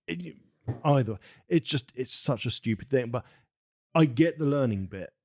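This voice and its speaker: A man's voice: mid-range voice, animated, moderate pace, darkish tone, no echo, clean studio sound. A man co-hosting a podcast, arguing film points emphatically with swearing and restarts. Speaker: podcast co-host. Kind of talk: casual film discussion.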